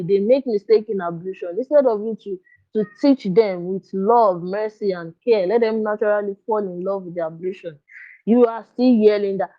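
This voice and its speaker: A woman coaching parents in a live online workshop, speaking earnestly and coaxingly and checking often that listeners follow her. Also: fairly high pitch. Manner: earnest, coaxing, often asks "you understand?". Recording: dull lo-fi dry sound.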